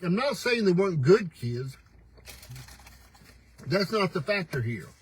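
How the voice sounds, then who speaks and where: A man's voice: high-pitched, very animated, unhurried, husky, dry recording, poor audio. An older man hosting a casual morning livestream, folksy and teasing, laughing often as he talks. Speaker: host. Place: pickup truck.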